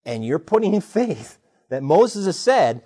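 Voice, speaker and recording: A man preaching a sermon in a conversational, animated way, retelling stories and asking rhetorical questions. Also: sits high, measured pace, husky. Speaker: pastor.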